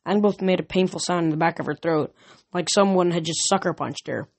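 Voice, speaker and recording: A reader narrating a novel chapter aloud in steady first-person storytelling. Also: mid-range voice, brisk, vocal fry. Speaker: audiobook reader. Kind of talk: fan audiobook narration.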